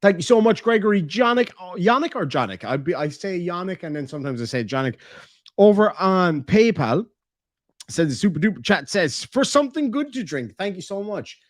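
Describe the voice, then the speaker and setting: A man's voice: sits high, sing-song, brisk, dry recording, clean studio sound. A man with an Irish accent hosting a livestream, reading out viewer messages in a casual, joking, playfully crude way. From Ireland. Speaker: livestream host.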